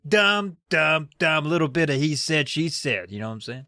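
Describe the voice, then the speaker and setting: A man co-hosting a comedy podcast, full of wry asides. He sounds close and dry, with no room around him, and his pitch stays lively. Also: normal speed, hardly any pauses, no echo. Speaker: podcast co-host. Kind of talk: comic book recap.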